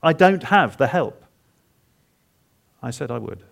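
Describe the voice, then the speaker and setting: Gravelly preacher guy, kinda high voice, acts out the psalm in first person, stumbles and repeats himself. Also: expressive. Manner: halting, repeats words for emphasis. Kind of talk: expository sermon.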